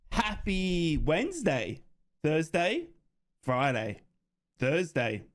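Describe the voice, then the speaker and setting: Excitable Australian man, fan commentary. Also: fairly high pitch, fairly quick. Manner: chatty, excitable, laughs often. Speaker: football fan streamer hosting a watch-along.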